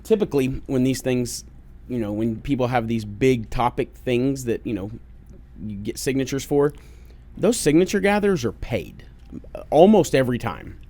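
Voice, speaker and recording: A man's voice: medium pitch, animated, moderate pace, mellow. Blunt, joking Oklahoma man on a podcast. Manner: blunt, joking, swears freely. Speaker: podcast co-host. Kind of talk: casual podcast chat. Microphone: podcast microphone.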